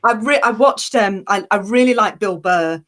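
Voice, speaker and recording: A woman's voice: medium pitch, moderate pace, background noise. An English actress with a fairly neutral, near-London accent, chatting casually in an interview, laughing often and restarting her sentences. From Yorkshire, England. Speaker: actress and online parody creator.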